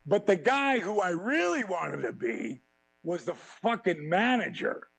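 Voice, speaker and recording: A man as a podcast guest telling profane, animated stories and acting out quotes. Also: high-pitched, unhurried, vocal fry, breathy edge, no room sound, low-quality recording. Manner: animated, swearing freely, acts out quotes. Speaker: podcast guest, former wrestling champion. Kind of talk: profane storytelling in a podcast interview.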